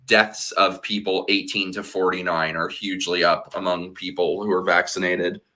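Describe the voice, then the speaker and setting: A man's voice: low-pitched, level tone, moderate pace, pushed and bright. A tipsy man hosting a casual livestream chat, blunt and heated, swearing freely. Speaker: host.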